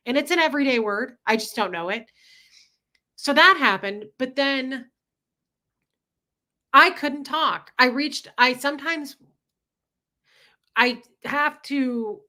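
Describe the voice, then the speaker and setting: A woman's voice: fairly high pitch, measured pace, bright, forceful tone. A woman hosting a casual livestream chat, talking in an emotional, rambling way and swearing freely. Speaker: livestream host.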